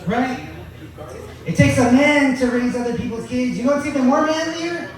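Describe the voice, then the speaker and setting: At an open mic, a man with a very high-pitched voice performs a crude, profane stand-up set in a deadpan, boastful manner at normal speed. He's captured from a distance in a very echoey room.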